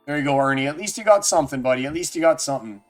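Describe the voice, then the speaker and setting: Chatty male streamer, bit high-pitched. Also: lively intonation, very fast. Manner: chatty, jokey, talks to viewers by name. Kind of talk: casual live-stream chat. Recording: faint music underneath.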